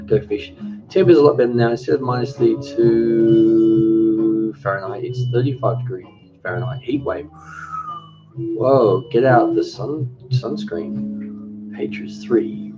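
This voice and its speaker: An Australian man in his forties hosting a cooking channel, chatting casually on a live stream, reading viewer comments aloud and often restarting his sentences. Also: lowish voice. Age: 40s. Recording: dull lo-fi stream audio with music. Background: music.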